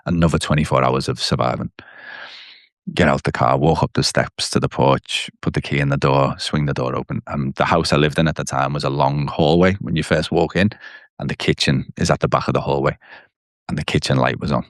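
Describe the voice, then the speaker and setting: A man's voice: rumbling low, steady tone, fairly quick, no room sound, studio quality. A man as a podcast guest, telling his personal recovery story candidly and bluntly, swearing at times.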